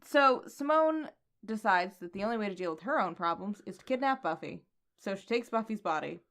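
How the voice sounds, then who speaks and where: A woman co-hosting a comics podcast, calm and even-handed, raising quizzical questions. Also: medium pitch, a little fast. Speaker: podcast co-host. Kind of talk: casual comics recap chat.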